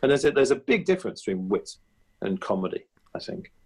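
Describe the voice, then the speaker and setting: A man speaking as a comedy guest in an interview, telling animated anecdotes with frequent restarts. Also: medium pitch, fast. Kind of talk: conversational interview.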